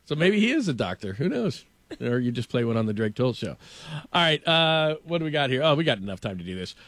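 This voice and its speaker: A man hosting a casual sports talk show, animated and opinionated, stumbling over restarts as he rants. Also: mid-range voice, fast, dry recording. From Los Angeles.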